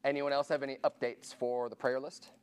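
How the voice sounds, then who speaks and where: A man's voice: mid-range voice, level tone, fairly quick, smooth. A man pastor giving casual church announcements to his congregation, informal and chatty, asking the room questions and counting raised hands.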